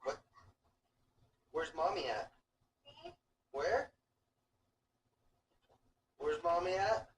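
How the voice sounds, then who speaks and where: A woman filming her toddler at home, gently coaxing the child to count and talk. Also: fairly low pitch, expressive, very slow, long pauses, a little hiss or hum. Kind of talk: home video chat. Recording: roomy home video from far off.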